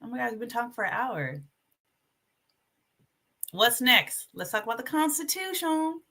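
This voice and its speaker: A woman hosting a casual livestream, chatty and animated, reading aloud from her notes while sharing her screen. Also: fairly high pitch, moderate pace. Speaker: livestream host.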